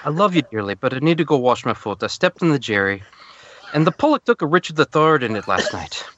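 A man's voice: mid-range voice, sing-song, fast talker, a bit bright, highs cut off, pitched above the performer's own voice. A man voicing a crude, rambling man writing home in old slang, in an exaggerated mock-British delivery. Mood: mock-earnest.

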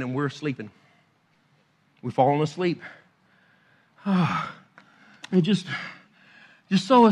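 A man preaching a sermon, moving between hushed, low passages and loud, urgent exhortation, and acting out scripture in everyday paraphrase. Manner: acts out scripture quotes in conversational paraphrase.

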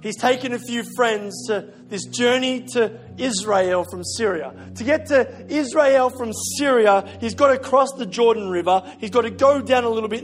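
A middle-aged male pastor with an unusually high voice preaches in a loose, chatty storytelling manner. He is self-deprecating and often stumbles over a repeated word before going on. Faint music plays behind him. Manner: conversational storytelling, self-deprecating, repeats words when searching. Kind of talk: sermon.

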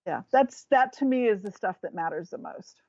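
A woman's voice: mid-range voice, expressive, normal speed, darkish tone, no room sound. Chatty rambling woman, dull lo-fi sound. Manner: chatty, rambling, restarts when searching for words. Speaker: guest. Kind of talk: casual chat.

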